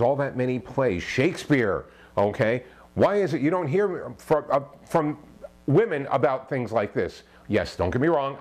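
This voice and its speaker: A man's voice: lowish voice, darkish tone. A man giving relationship advice straight to the camera as a self-help author, emphatic and preachy, firing off rhetorical questions and tagging "okay?" onto his points. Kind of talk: direct-to-camera advice monologue.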